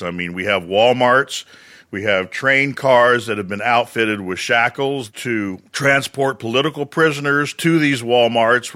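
A man with a Central Texas drawl, a radio correspondent being interviewed, telling things with dry, wry deadpan humor. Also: on the low side.

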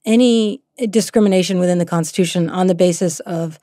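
Fast-talking woman historian. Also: on the low side, warm tone, no echo, studio quality. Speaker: historian, professor. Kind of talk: interview.

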